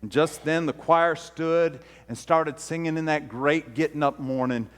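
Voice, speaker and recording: A man's voice: a little high, unhurried, few pauses, a bit bright, big-room sound. A man preaching a sermon and telling a story, switching into the voices of the people he quotes with rising intensity. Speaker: pastor. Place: church sanctuary.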